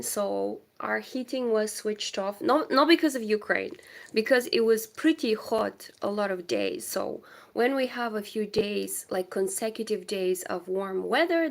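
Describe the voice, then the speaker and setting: A woman's voice: medium pitch, creaky. A young woman with a cold, chatting casually with viewers of her crochet livestream from home. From Moldova. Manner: chatty, distracted, greets viewers. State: has a cold. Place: home indoors.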